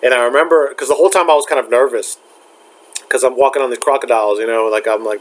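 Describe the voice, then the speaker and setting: A man's voice: medium pitch, fairly even intonation, rough recording. Rambling young man recounting a dream. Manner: rambling, halting, many fillers and restarts. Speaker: spiritual vlogger. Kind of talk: casual storytelling.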